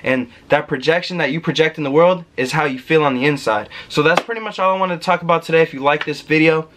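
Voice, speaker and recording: Young guy ranting casual motivational stuff, bit high voice, slangy, swears, talks right at you. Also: fast, noisy background. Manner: slangy and emphatic, swears, addresses viewers directly. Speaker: self-help video host.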